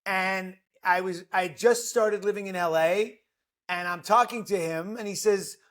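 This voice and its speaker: High-voiced animated male storyteller. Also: a little slow. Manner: lively storyteller, playful, self-deprecating. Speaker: actor and guest. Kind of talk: animated anecdote telling.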